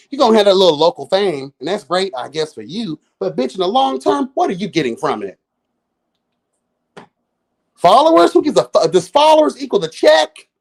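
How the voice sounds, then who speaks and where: A man in his late thirties hosts a live review of a reality show. He rants in a sassy, profane, exasperated way. His pitch swoops up and down all the time. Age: 30s. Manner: addresses listeners as girl and y'all.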